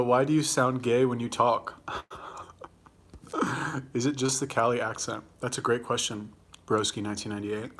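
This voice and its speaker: A young man with an easygoing Los Angeles accent talks in a loose, meandering way to his livestream audience. His voice sits at an ordinary middle pitch. He swears casually, fields viewer questions, and keeps talking while he eats. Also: fairly bright tone. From California. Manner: rambling, profane, chatty, answers viewer comments. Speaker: livestream host.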